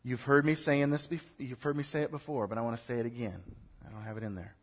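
A man preaching a sermon to a congregation, building from quiet urging to loud exhortation and leading it in call-and-response. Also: mid-range voice, fairly even intonation, fast talker. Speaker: pastor. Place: church in front of a congregation.

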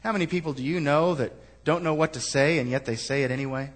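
A man preaching a sermon as pastor, reading scripture aloud and pressing the congregation with rhetorical questions, moving between quiet asides and rising, emphatic lines. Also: a little high, quick pace.

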